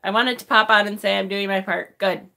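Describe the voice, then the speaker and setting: A woman's voice: medium pitch, steady tone, fairly quick, gravelly, sharp tone. A woman in her forties chatting on a live stream, emotional and tearful, laughing and swearing often. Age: 40s. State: crying. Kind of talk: casual live-stream chat. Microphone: phone.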